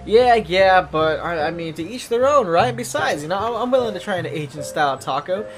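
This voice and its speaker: A man's voice: sits high, animated, brisk. A young man hosting a comedy podcast, talking casually in slang and rambling with lots of fillers. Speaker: podcast host. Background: background music.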